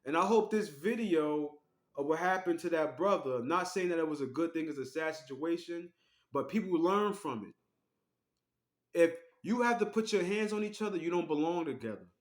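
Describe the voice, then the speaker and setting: A man giving casual, animated storytelling commentary as an online vlogger. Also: fairly high pitch, moderate pace, roomy sound. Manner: animated, acts out quoted voices.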